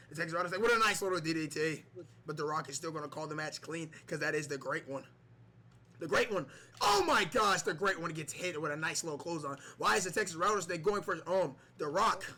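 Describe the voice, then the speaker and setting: A man calls a wrestling video game match in excitable play-by-play. His voice sits high and bright, and it jumps up into yells whenever a big move lands. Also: a little hiss or hum.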